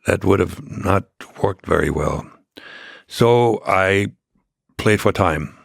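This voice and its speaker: An older man, a podcast guest, telling a long story in a halting way with many restarts. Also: low voice, creaky, dry recording, clean studio sound. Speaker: interview guest.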